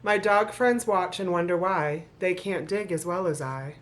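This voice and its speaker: With a lowish voice at a moderate pace, this woman reads a rhyming children's book to her audience. She's a vlogger who keeps cutting in with sarcastic, joking comments between the lines she reads.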